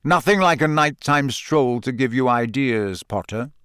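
A man voicing a gruff, battle-scarred older male wizard who growls and speaks slowly and deliberately. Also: mid-range voice, lively intonation, fairly bright tone, dry recording, clean studio sound.

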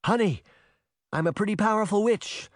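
A man's voice: high-pitched, moderate pace, dry recording, studio quality, pitched above the performer's own voice, close to an everyday voice. A man voicing a powerful witch mother who soothes and reassures her son. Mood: reassuring.

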